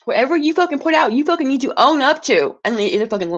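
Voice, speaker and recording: Pissed off woman streamer going off, lots of swearing and stuttering, kinda high voice, muffled audio. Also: animated, fast. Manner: heated, profane, stammering restarts. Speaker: livestreamer. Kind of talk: angry unscripted rant.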